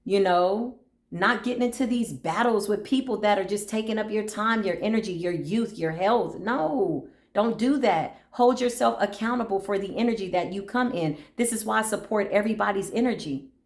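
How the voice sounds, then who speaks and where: Middle-aged woman spiritual reader, casual animated storytelling, talks in a roomy echoing space. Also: medium pitch, normal speed. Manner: animated storytelling, acts out voices, laughs often. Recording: echoey room.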